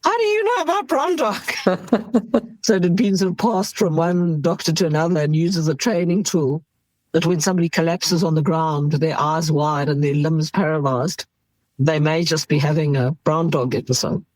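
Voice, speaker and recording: Husky-voiced South African woman doctor. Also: low-pitched, moderate pace, no echo, rough recording. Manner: animated, laughs while telling stories. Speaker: emergency doctor, guest. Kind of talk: candid interview storytelling.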